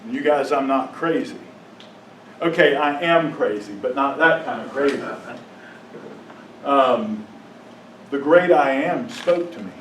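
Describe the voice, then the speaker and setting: A man with a mid-range voice tells his personal story to a congregation with emotion, sometimes rising to impassioned outbursts and sometimes sinking to a hushed, halting voice at painful moments. The recording is echoey and distant, with slight background noise.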